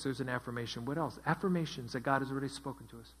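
A man's voice: medium pitch, racing, few pauses, a bit bright, a little hiss or hum. A man teaching a Bible study as pastor, asking his group questions and repeating their answers. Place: church.

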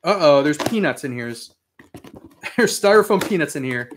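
A man hosting a casual live stream, reading out viewer comments with excitable, mildly profane chatter. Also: a little high, a little slow, background noise. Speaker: host of a live toy and comics stream.

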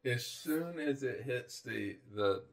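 A man's voice: medium pitch, lively intonation, slow pace, gravelly. A man co-hosting a podcast in casual chat, with a dry teasing manner. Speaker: podcast co-host.

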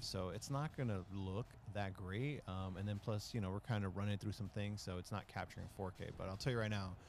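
A man's voice: on the low side, creaky, darkish tone, slight background noise. A man co-hosting a gaming stream, rambling and joking in loose casual chat, swearing freely and laughing often. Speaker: co-host and gamer.

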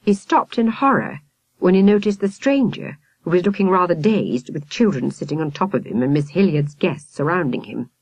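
A woman reading a children's storybook aloud in a lively, expressive way. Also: on the low side, moderate pace, slightly rough, no room sound. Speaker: audiobook reader.

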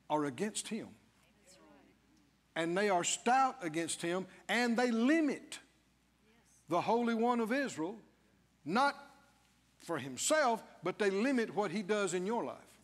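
A male pastor preaching a sermon in a church, swinging from low asides to shouted declarations. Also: big pitch swings, takes it slowly, pauses often. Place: church sanctuary. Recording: long church reverb.

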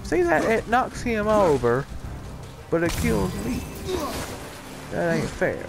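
A gamer giving casual commentary over gameplay, excitable and trash-talking at the game. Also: medium pitch, slow pace, vocal fry. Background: game music and sound effects.

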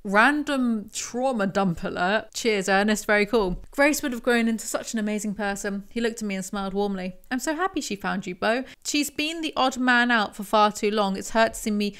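A woman's voice: medium pitch, moderate pace, few pauses, a bit bright, clear, resonant tone. A woman reviewing a book in casual commentary, making chatty, sarcastic asides between excerpts she reads.

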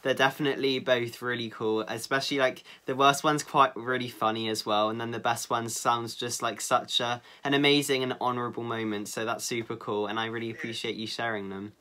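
A man's voice: medium pitch, steady tone, a little fast, few pauses, pushed and bright. A man hosting a casual online interview, upbeat and keen to praise his guest. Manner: upbeat and eager, full of praise. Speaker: interview host.

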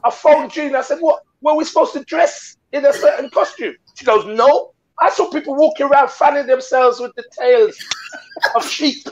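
A man's voice: extremely high pitch, normal speed, lo-fi sound. A man co-hosting a casual chat and telling a comic story. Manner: storytelling, does silly voices. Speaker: co-host.

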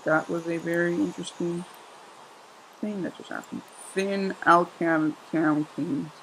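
A young man giving casual, excitable commentary while he plays a survival game, exclaiming and joking sarcastically. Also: on the high side, unhurried, vocal fry, a little hiss or hum, rough recording. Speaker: gameplay commentator.

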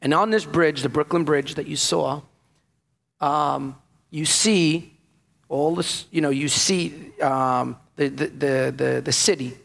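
A man's voice: on the high side, takes it slowly, vocal fry, a bit bright. A man, a former police officer, telling his story in an interview with lots of fillers and acted-out dialogue. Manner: emotional storytelling, acts out the dialogue, many fillers. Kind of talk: personal testimony in an interview.

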